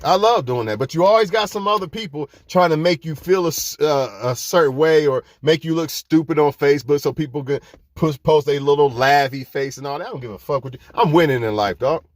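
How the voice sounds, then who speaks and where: Man, fairly high voice, dry close sound, fiery preachy rant, swears a lot. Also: fairly quick, no echo. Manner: passionate, profane, preachy. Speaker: vlogger giving life advice.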